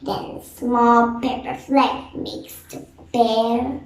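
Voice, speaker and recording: A woman reading a children's picture book aloud in a slow, deliberate manner. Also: fairly high pitch, flat delivery, reverberant. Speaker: storybook reader.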